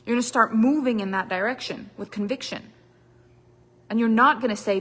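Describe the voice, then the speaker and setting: A woman giving a motivational coaching talk, emphatic and repetitive, dropping to quiet asides and rising again. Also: on the high side, normal speed. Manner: emphatic, repetitive, dramatic shifts in loudness. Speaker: business coach. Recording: long reverb of a hall.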